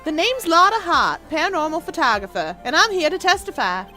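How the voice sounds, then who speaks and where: A woman's voice: very high-pitched, very animated, brisk, sharp tone, faint music behind, heavily acted. A woman doing brash twangy Southern photographer. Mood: storytelling. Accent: put-on American Southern. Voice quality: twangy, exclaiming.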